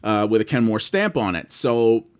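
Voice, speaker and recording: A man's voice: fairly low pitch, very animated, normal speed, clear, resonant tone. Exasperated swearing man on a rant. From Canada. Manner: exasperated, swearing, acts out both sides of phone calls. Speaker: vlogger. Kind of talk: ranting monologue.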